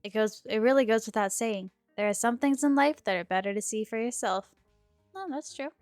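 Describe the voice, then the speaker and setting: A woman's voice: on the high side, fairly quick, darkish tone, no echo. Chatty woman streamer reading a game aloud. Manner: chatty, giggly asides between read lines. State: sore throat. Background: faint game music.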